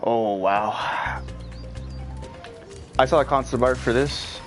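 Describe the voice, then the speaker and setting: A man's voice: mid-range voice, slow. A man giving casual, rambling let's play commentary, filled with "like.". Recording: game music playing underneath.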